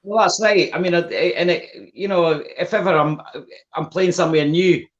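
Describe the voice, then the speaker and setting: A man's voice: sits high, normal speed, highs cut off. A man from Fife with a Scottish accent, telling stories as a guest musician in a casual chat, often restarting his sentences. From Scotland. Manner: chatty storyteller with frequent restarts and laughs.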